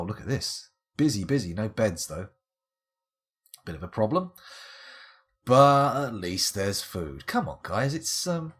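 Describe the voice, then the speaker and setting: Man, game streamer, husky voice, lively pitch, wry asides. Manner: wry, rambling, self-mocking asides. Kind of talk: live-stream game commentary.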